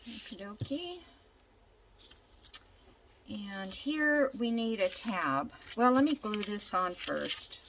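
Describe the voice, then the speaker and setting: Slow-talking older woman crafter. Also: medium pitch, lively intonation, noisy background. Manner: chatty, thinks aloud while working, rambling storyteller. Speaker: junk journal crafter. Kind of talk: casual crafting vlog.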